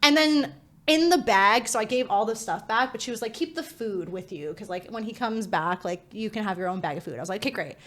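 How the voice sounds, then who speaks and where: A woman co-hosting a podcast, telling a story in casual chat, animated and laughing, full of filler words. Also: mid-range voice, fairly quick. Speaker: podcast co-host.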